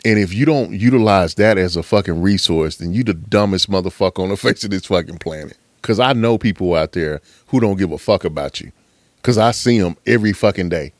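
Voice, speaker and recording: A man delivers a motivational podcast monologue in a low, dry voice. He swears freely, presses his points over and over, and preaches with fired-up conviction. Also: brisk, no echo. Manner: profane, fired-up preaching with frequent laughs. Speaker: podcast host.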